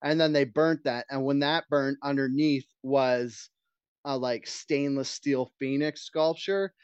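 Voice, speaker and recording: A man's voice: mid-range voice, steady tone, unhurried, clean tone, no echo, muffled recording. A man co-hosting a podcast in casual chat, telling stories in a profane, ranting way. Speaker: podcast co-host.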